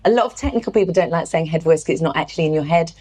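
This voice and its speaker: A woman's voice: low voice, rapid-fire, slightly rough. A woman vocal coach, chatting on a podcast and demonstrating sounds. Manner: animated, demonstrates vocal sounds mid-sentence. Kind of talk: casual podcast conversation with sung demonstrations.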